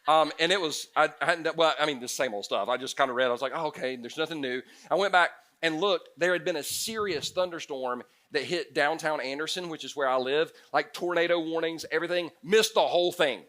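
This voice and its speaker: Bright-voiced animated male pastor preaching. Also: on the high side, brisk, hardly any pauses. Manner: animated, swings from loud to hushed. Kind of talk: sermon.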